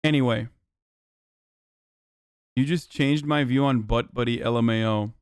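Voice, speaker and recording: A man's voice: mid-range voice, a little slow, clean tone, no echo, clean studio sound. A man in his thirties streaming live, reading his chat aloud and answering it with sarcastic, profane mock outrage.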